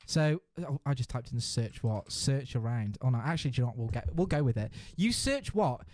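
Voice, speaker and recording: A man's voice: mid-range voice, lively intonation, brisk, a little mellow, dry recording. A man hosting a casual podcast who reads a generated adventure story aloud, laughing and swearing freely as he goes. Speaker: podcast host.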